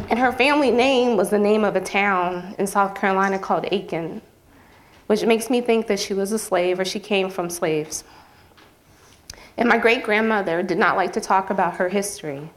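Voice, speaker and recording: A woman professor giving a nervous, earnest, emotional public presentation at a campus event. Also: mid-range voice. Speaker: journalism professor presenting her project.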